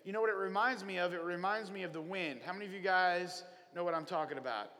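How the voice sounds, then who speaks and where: A man from Oklahoma preaching a lively, humorous sermon to young people at a camp, telling stories with playful asides. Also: high voice, quick pace, long reverb tail. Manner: animated storyteller, playful humor.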